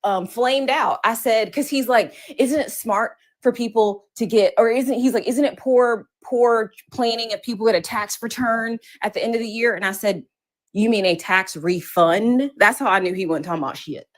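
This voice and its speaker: A woman co-hosting a casual livestream chat, telling stories in an animated, slangy way. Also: fairly high pitch, normal speed, hardly any pauses. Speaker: livestream co-host.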